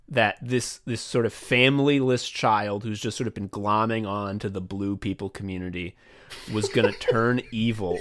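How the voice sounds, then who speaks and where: A man co-hosting a podcast in casual chat, animated, laughing often and swearing a lot. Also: medium pitch. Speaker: podcast co-host.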